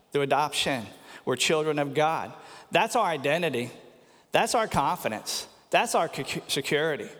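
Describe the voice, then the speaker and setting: A man preaching in a church sanctuary. His voice sits a little high for a man, and long reverb trails after each phrase. His delivery is earnest, and he slows down to stress key points. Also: fairly bright tone. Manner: earnest preaching, slows for emphasis, repeats words. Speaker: pastor. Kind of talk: sermon.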